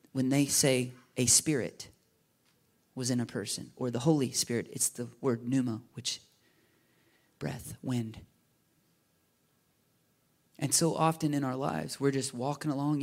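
A man preaching a sermon in a casual, animated way, often checking in with his listeners with "right?" and "you know?". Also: mid-range voice, gravelly. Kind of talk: conversational sermon.

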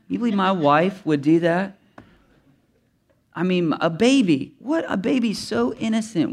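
A man preaching a sermon as pastor to his congregation in church, earnest and emphatic, often restarting his sentences. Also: on the high side. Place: church before a live congregation.

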